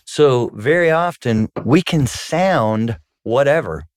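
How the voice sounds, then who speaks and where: Animated yet taking his time, a pastor and marriage counselor with a clear, resonant voice shares stories in a casual podcast conversation with his wife. He sometimes acts out voices with sudden high pitch jumps, and the recording is dry and clean, studio-made.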